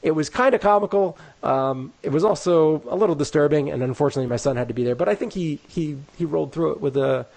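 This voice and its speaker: A man with a slightly high voice co-hosts a sports podcast and tells a long, meandering story. He fills his talk with "like" and "you know," and slips into lively voices when he quotes other people. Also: fast talker, creaky, few pauses. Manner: rambling, full of "like" and "you know". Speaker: podcast co-host. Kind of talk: casual storytelling chat.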